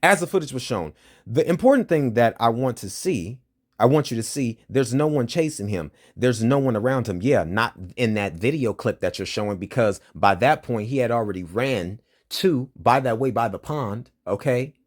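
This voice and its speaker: A man's voice: mid-range voice, moderate pace. A man reading a news story aloud and breaking into angry, profane commentary, agitated and heated. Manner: heated, profane, switches between flat reading and loud outbursts.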